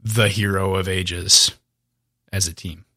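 A man co-hosting a casual book podcast, speaking in a measured, thoughtful way. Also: low voice, little pitch movement, sharp tone.

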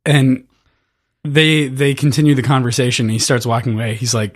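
A young man with a mid-pitched voice co-hosts a casual film podcast. He sounds relaxed and trades short replies and quick corrections, recorded close and dry. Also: no room sound. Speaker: podcast co-host.

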